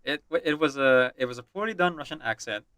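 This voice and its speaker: A man's voice: medium pitch, fairly quick, pushed and bright, no room sound. A man streaming a game, chatting with viewers and reading the story aloud. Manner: apologetic, chatty.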